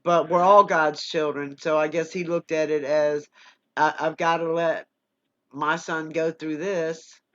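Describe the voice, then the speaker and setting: A man's voice: fairly high pitch, flat delivery, measured pace, pushed and bright. A man in a casual chat about faith, speaking emotionally and rambling with many fillers. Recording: dull lo-fi sound.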